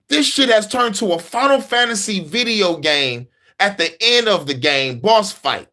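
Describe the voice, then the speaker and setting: A man's voice: high voice, measured pace. Profane, laughing man on a monologue. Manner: profane, laughing, animated storytelling. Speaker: host. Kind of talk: casual monologue.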